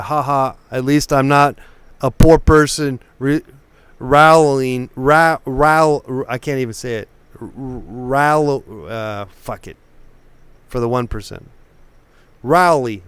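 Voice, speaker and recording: A man's voice: mid-range voice, clear, resonant tone, no room sound. A man from Oakland hosting a live painting stream, a few drinks in, rambling and stumbling over his words. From Oakland, California. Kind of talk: casual live-stream chat.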